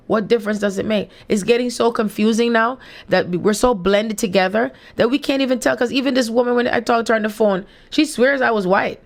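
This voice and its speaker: Jamaican woman, forties, gravelly edge, emphatic rhetorical monologue host. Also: a little high, brisk. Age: 40s. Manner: emphatic, rhetorical asides, repeats phrases. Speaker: spiritual channel host. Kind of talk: casual monologue with read-aloud passages.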